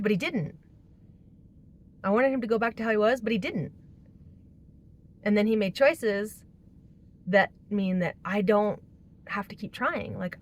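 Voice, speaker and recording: A woman speaks straight to the camera in a personal confessional vlog, venting in a rambling, emotional way. Her voice sits at an ordinary middle pitch. There is a faint hum of ambience behind her. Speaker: vlogger.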